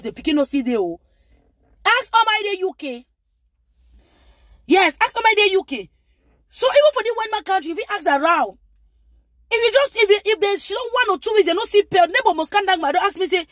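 A woman's voice: high voice, no room sound, clean studio sound. A woman with a Nigerian accent giving rambling, lecturing advice in a casual live-stream monologue. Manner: rambling, lecturing, with frequent asides.

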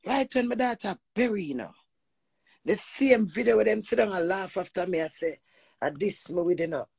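A woman with a Jamaican accent telling a personal story in an animated monologue, emphatic and profane, often slipping into quoted speech. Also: mid-range voice, moderate pace, gravelly, slightly rough, no echo, low-quality recording. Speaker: vlogger.

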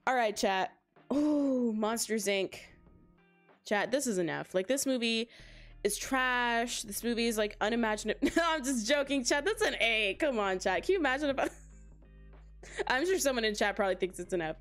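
Woman, streamer, casual live chat, lively swooping voice, higher pitch, frequent giggles. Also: normal speed, soft background music. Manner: giggly, talks straight to chat.

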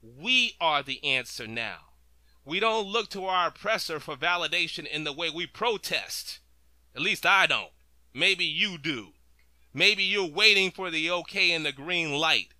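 A man's voice: fairly high pitch, animated, a little slow, bright, forceful tone, no echo. A man hosting his own show, delivering an impassioned, emphatic political commentary monologue with lots of repetition. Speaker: talk show host.

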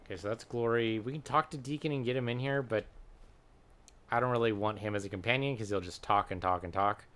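A man gives a let's-play commentary in a lowish voice. He sounds chatty and wry, thinking aloud and pausing on ums as he shops and sorts gear. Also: fairly bright tone. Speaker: gaming channel host.

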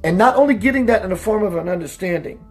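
A man hosting a spiritual talk radio show, preaching emphatically, slowing down for emphasis and greeting listeners by name. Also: expressive, faint music behind. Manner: slows down for emphasis, voice dips low and quiet.

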